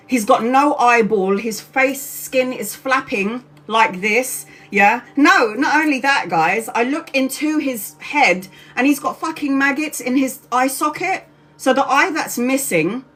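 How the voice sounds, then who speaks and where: A tired woman, a tarot reader, telling a personal story to her livestream viewers in a casual, animated way, swearing freely. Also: on the high side. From Brazil. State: exhausted.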